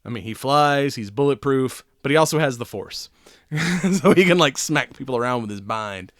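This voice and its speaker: A man's voice: mid-range voice, lively intonation, normal speed, no echo, clean studio sound. A man co-hosting a podcast, chatting casually in a rambling way, laughing often and swearing freely. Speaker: podcast co-host. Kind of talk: casual chat.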